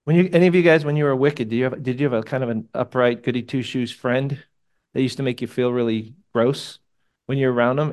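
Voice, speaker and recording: A man's voice: mid-range voice, fairly quick, darkish tone. A man preaching a sermon to a live congregation in a conversational, emotional way, asking his listeners questions. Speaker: pastor.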